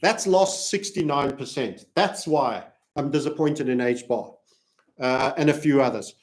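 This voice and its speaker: A man's voice: mid-range voice, unhurried. A man from Africa hosting a crypto chart analysis video, rambling and jokey as he walks through the charts. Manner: rambling, jokey, self-promoting. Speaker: crypto trading analyst and channel host.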